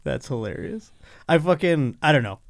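A man's voice: on the high side, animated, normal speed, creaky, dry recording, studio quality. A man from Buffalo, New York, hosting a podcast in a loose, bantering chat. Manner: laughs easily, banters. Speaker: podcast host.

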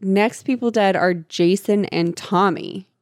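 A woman's voice: mid-range voice, measured pace, dry recording, clean studio sound. A woman in casual chat, breezily summarizing a plot and skipping ahead. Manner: breezy, skips ahead with "blah blah". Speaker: podcast co-host.

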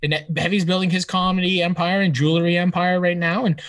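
A woman's voice: fairly low pitch, little pitch movement, fast. A woman co-hosting a podcast, teasing and rambling in casual banter. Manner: teasing, rambling, mock-accusing. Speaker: podcast co-host.

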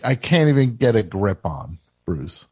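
Brief: male call-in host, mid pitch, deadpan, halting, dry close sound. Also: breathy edge, dry recording. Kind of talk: casual call-in radio chat.

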